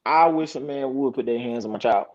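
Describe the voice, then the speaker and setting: A man's voice: medium pitch, fairly quick, a little mellow, lo-fi sound. A man in his late thirties on a casual talk panel, blunt and emphatic. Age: 30s.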